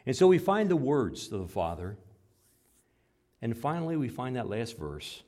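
A man, a father, preaching a sermon. He swings between loud, emphatic lines and quiet, low asides. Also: very animated, normal speed. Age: adult father. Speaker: pastor.

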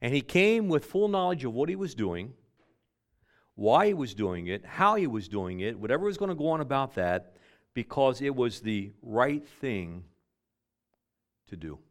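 A man delivering a sermon in a folksy way, with homespun illustrations, swinging from loud emphatic bursts to quiet low asides. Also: big pitch swings, a little slow. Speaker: preacher.

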